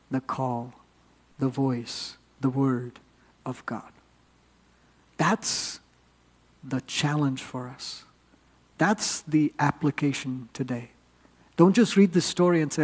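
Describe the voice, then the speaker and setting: A man's voice: on the high side, a little mellow, big-room sound. A man preaching a sermon, earnest and building up with rising emphasis.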